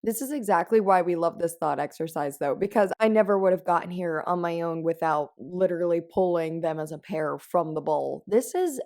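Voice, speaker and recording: A woman's voice: on the low side, a little fast, hardly any pauses, darkish tone. A woman hosting a podcast in casual chat, gushing and telling stories with animation. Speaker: podcast host.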